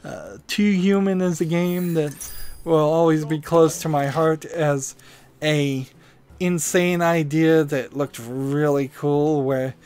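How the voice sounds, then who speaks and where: A man's voice: on the high side, slow pace, darkish tone, smooth. A man hosting a gaming video, musing and rambling as he thinks aloud while playing.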